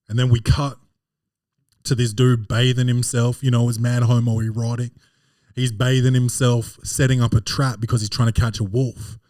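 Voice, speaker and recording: Male podcast host, mid-pitched, dry close sound, animated and profane comic recap. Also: no room sound. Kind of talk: comedic film recap.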